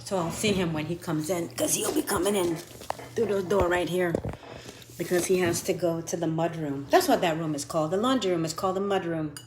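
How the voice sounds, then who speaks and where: Woman in her 50s, low voice, candid vlog storytelling, faint room noise behind. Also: fairly quick. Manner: frank, profane storytelling. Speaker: vlogger.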